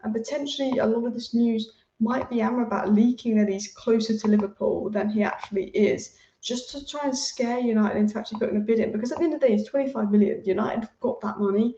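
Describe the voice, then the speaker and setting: Fast-talking opinionated woman football vlogger. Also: fairly high pitch, fairly even intonation, dark tone, distant mic. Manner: opinionated, rapid, repeats names for emphasis. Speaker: football transfer news host. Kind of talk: casual fan commentary. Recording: roomy, slightly dull home recording.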